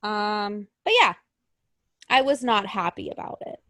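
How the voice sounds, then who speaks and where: A woman co-hosting a casual wrestling podcast, animated and blunt, acting out quotes in higher voices and swearing now and then. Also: measured pace, no echo, clean studio sound. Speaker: podcast co-host.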